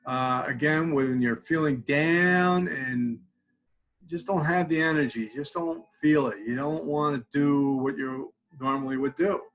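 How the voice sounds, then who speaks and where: An older man, a college support clinician, calmly teaching a tapping technique in a webinar, often dropping to quiet repeated phrases. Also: fairly high pitch, a little slow, soft background music, poor audio.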